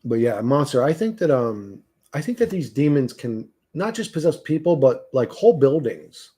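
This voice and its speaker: A man's voice: medium pitch, sing-song, normal speed, dark tone, husky. A man hosting a live stream, ranting profanely and mockingly to his chat, laughing often. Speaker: livestream host reading chat. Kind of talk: casual rant to a live chat.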